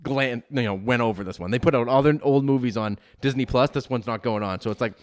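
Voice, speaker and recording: A podcast host tells a long story in casual chat, swearing freely and rambling from one aside to the next. He talks fast in an easygoing, unscripted way, at an ordinary middle pitch.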